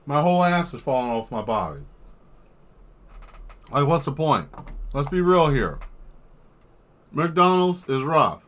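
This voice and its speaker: A man's voice: on the high side, big pitch swings, measured pace, pauses often, a bit bright. A man chatting casually on a livestream while drawing, rambling into exaggerated comic rants and swearing freely. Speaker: artist streaming while drawing.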